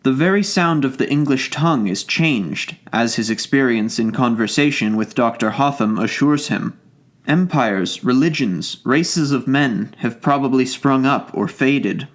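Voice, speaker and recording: A man narrating a classic story as an audiobook, in a measured, formal literary reading. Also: medium pitch.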